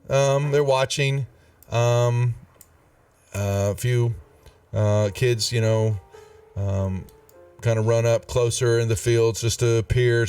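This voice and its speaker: A man with a drawl runs a tabletop game, describing the scene in a relaxed way with plenty of ums and uhs. His voice is mid-pitched and picked up from a distance. Faint music plays behind him. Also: clear, resonant tone. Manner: relaxed, many fillers. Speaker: game master.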